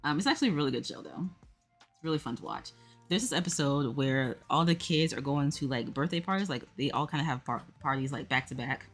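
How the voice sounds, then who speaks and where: Low-voiced woman chatting on a livestream. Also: animated, a little fast, faint music behind. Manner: rambling, lots of "like" fillers; talks to chat while working a jigsaw. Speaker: puzzle livestream host. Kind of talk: casual livestream chat.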